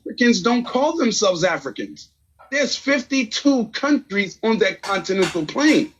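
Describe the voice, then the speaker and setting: A man's voice: high-pitched, sing-song, a little slow, fairly bright tone, highs cut off, a little hiss or hum. A man debating in a voice chat room, emphatic and insistent, often ending points with "right?". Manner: emphatic, keeps asking "right?".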